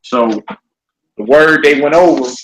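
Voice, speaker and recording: A man's voice: fairly high pitch, a little slow, noisy background. A man, teaching a casual live-streamed class and chatting with viewers as he goes. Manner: relaxed, chatty, talks to viewers as family.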